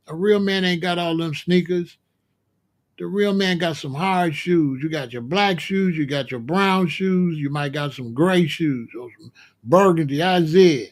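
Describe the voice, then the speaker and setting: A man hosting his own channel, delivering a loud, profane, mocking comic rant in slangy streetwise talk. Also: fairly high pitch, a little slow. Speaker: commentary host. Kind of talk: comedic rant.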